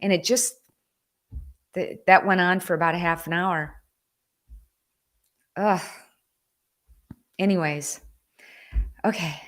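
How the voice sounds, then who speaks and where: A woman's voice: lowish voice, steady tone, measured pace, pauses often, fairly bright tone. A middle-aged woman chatting casually to viewers on a live video, rambling and getting emotional as she talks. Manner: frequent restarts and fillers. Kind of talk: casual live-stream chat.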